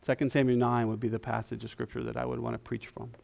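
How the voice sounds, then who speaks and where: Gravelly-voiced man preaching. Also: mid-range voice, little pitch movement, quick pace. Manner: conversational, self-deprecating, with soft prayerful passages. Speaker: guest preacher. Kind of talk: sermon. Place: church sanctuary.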